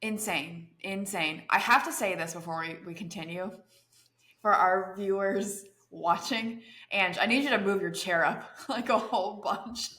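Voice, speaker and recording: A woman's voice: medium pitch, moderate pace, sharp tone. A woman co-hosting a casual podcast, chatting and teasing her sister with a giggle. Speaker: podcast co-host. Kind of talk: casual chat.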